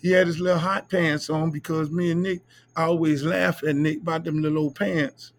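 Gravelly, profane storytelling man. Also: on the high side, fairly even intonation, moderate pace, dry recording. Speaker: podcast host. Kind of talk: casual storytelling monologue.

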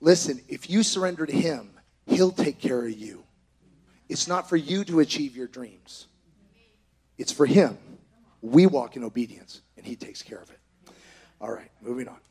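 A middle-aged man preaching a sermon with impassioned exhortations, rising to shouts. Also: mid-range voice, expressive, normal speed, pauses often, slightly rough.

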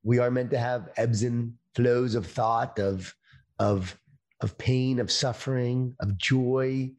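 A man's voice: medium pitch, fairly even intonation, darkish tone. Middle-aged guy, leadership speaker being interviewed, punchy motivational lines, video call sound. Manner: slow, emphatic motivational phrasing.

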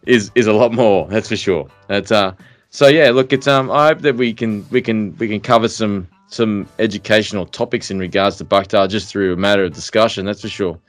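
A deep, low-pitched man in his middle years, talking fishing on a podcast. His speech rambles through fillers and restarts, but he is blunt and direct. The recording is dry and close, with faint music underneath. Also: fairly quick, dry recording. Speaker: podcast co-host. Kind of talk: casual chat.

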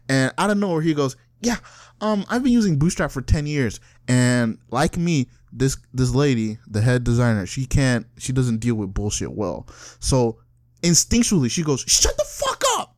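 A young man, a software developer, telling a work story in casual chat. He is animated and profane, laughs often and acts out the people he quotes. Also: mid-range voice, normal speed, dry recording, clean studio sound. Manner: animated, laughs often, breaks into cackles mid-sentence.

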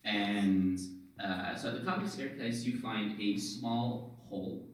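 A man's voice: lowish voice, steady tone, measured pace. A man narrating as game master, describing scenes in a rambling, playful way with many fillers. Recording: very echoey room, far from mic.

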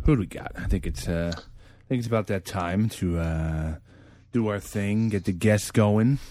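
A man's voice: fairly low pitch, moderate pace, mellow. A man co-hosting a casual podcast, joking a lot and laughing often. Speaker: podcast co-host. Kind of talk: casual chat.

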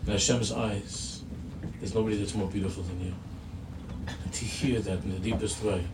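A rabbi preaching to his listeners, a man with a lowish voice who tells a story earnestly and leans on repeated phrases. He is picked up from a distance in an echoing room. Steady noise sits behind his words. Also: normal speed. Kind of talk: sermon with storytelling.

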